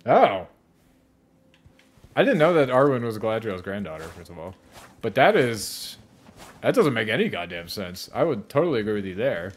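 A man's voice: lowish voice, sing-song, normal speed, long pauses. A young man hosting a casual reaction chat while gaming, loose and profane, laughing often. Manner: loose, profane, laughs often, slips into exaggerated quoted voices. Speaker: YouTube host reacting to a video while gaming.

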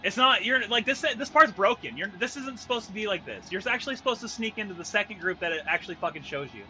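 A man's voice: high voice, lively intonation, fast, bright, forceful tone, faint music behind. A man streaming a game live, frustrated and swearing as he rants about the gameplay.

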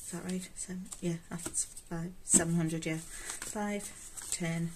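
Geordie woman, self-mocking and chatty, slightly low voice, audible background noise. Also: fairly even intonation, takes it slowly. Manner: chatty, self-mocking, talks to herself while counting. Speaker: budgeting vlogger. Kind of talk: casual chat while counting cash. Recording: clear background noise with rustling notes.

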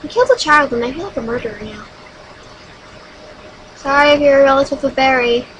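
A woman hosting a solo game video, chatting dramatically with sudden high squeals. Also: fairly quick, a bit bright, a little hiss or hum, low-quality recording. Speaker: gaming channel host.

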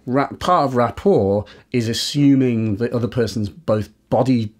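A man's voice: mid-range voice, unhurried, a little mellow. A man from northern England chatting on a podcast as a guest, rambling and breaking off his sentences, with lots of "like". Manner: rambling, self-interrupting, lots of "like". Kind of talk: casual podcast conversation.

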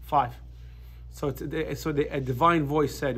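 A rabbi teaching a casual Torah class, telling stories in an animated way with frequent restarts. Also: male voice, fairly high pitch, unhurried, breathy edge.

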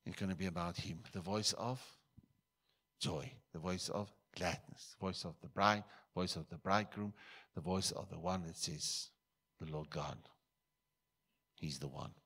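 A man with a somewhat low voice preaches a sermon to his church. He is from South Africa, and his delivery swings between forceful, raised bursts and soft, hushed asides. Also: unhurried, husky. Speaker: pastor.

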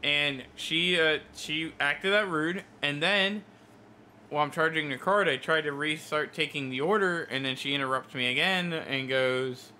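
A man's voice: a little high, measured pace, pushed and bright, slight background noise. A young man livestreaming, telling an exasperated, profane story about a rude customer in a casual rant full of fillers.

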